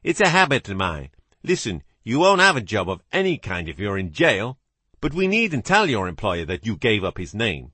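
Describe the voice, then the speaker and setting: A man's voice: lowish voice, wildly swooping pitch, moderate pace, pushed and bright, husky, no room sound, exaggerated voice. A man voicing a composed older actor posing as the great detective, speaking with a British accent in a dry, precise manner. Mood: cool, assured.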